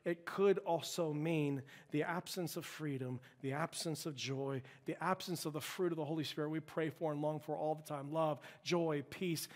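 Guy pastor preaching hard, voice kinda high, big echoey church sound. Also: steady tone, moderate pace, hardly any pauses. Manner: impassioned preaching, rising to loud emphatic peaks. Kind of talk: sermon. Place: church sanctuary. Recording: long church-hall reverb.

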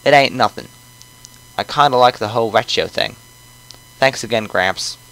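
A laid-back young traveler talks in a relaxed, casual way, read by a man in his own voice. The pitch is ordinary and middle for a man. Nothing is put on beyond a plain reading. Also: normal speed, gravelly, rough recording.

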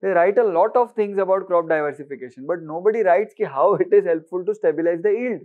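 Indian English male teacher, high-pitched, drills and questions his class, slightly muffled recording. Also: fast talker. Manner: questioning, mixes Hindi words, repeats for emphasis. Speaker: exam-prep teacher. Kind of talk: lecture to students.

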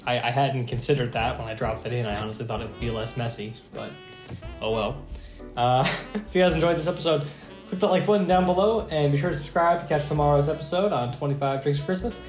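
A man's voice: mid-range voice, fast talker, darkish tone. Chatty man in an echoey room. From Michigan, USA. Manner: chatty and self-mocking, with frequent fillers and laughs. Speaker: host, former bartender. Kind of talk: casual cocktail review vlog. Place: home bar. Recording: echoey room with faint guitar music.

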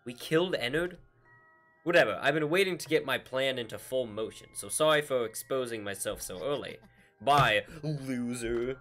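A man's voice: medium pitch, expressive, moderate pace, fairly bright tone, faint music behind, natural voice. A man voicing a vengeful, unstable male game villain in a mock pirate accent, reading the dialogue aloud. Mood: sneering. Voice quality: mocking pirate voice.

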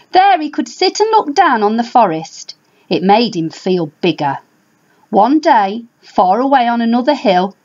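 A woman reading a picture book aloud for primary school children, animated and drawing out key words. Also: on the high side. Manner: animated, drawn-out emphasis. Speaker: storybook reader for a primary school. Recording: dull lo-fi home recording.

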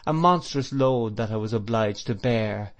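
A man narrating a classic novel as an audiobook, in a measured, reflective, expressive reading voice. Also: on the low side. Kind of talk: scripted literary narration.

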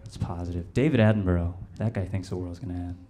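A young adult man performing a stand-up comedy set, telling stories in a deadpan, low-key way. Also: fast, noisy background. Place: small live comedy venue with audience.

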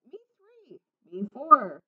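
A woman's voice: on the high side, very animated, slow, breathy edge, heavily acted. A woman voicing fretful timid storybook chickens. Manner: anxious, worried questions. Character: four timid fretting chickens. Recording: slightly muffled lo-fi recording.

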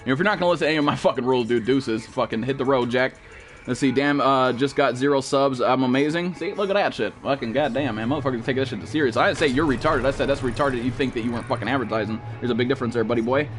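A man's voice: medium pitch, fast talker, faint music behind. A young man streaming a game live, talking to his chat in a blunt, profane, scolding way. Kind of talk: live gameplay stream commentary.

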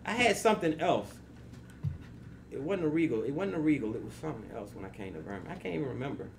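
A man's voice: mid-range voice, fast, vocal fry, a little hiss or hum. A man in his forties, a radio personality, telling casual stories as a podcast guest and acting out the people he quotes. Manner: animated, acts out quoted people. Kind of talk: casual storytelling.

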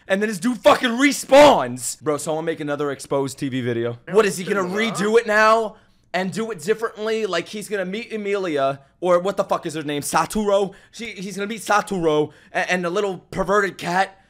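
A young man reacting to an anime in casual, profane, jokey commentary, loud and excitable. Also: sits high, a little fast.

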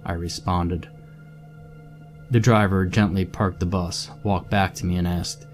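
Deep-voiced man narrating a horror story. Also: flat delivery, a little slow, faint music behind.

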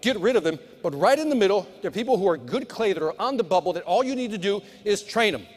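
A middle-aged man speaks from a conference stage in a high, punchy voice, firing sales advice straight at the audience. His words ring out with a long tail of reverb from the large hall. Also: animated, fast talker. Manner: punchy motivational delivery, talks to the crowd. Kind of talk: live conference keynote.

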